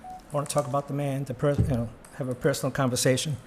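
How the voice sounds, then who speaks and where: A former board member giving heartfelt public comment at a town meeting, earnest and plain with frequent fillers. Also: male voice, mid-range voice, little pitch movement, quick pace, a little mellow, a little hiss or hum.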